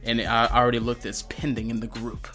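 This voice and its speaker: A man's voice: fairly quick, soft background music. A man co-hosting a podcast, telling stories in casual chat, laughing often and acting out other people's lines. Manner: animated storyteller, laughing, acts out quotes in a high voice. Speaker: podcast co-host.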